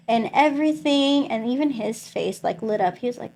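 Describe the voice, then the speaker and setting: A young woman sharing a personal faith testimony in an interview, telling her story in an animated way, acting out the voices of the people she quotes and saying "like" a lot. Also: high-pitched, a little fast, few pauses, breathy edge.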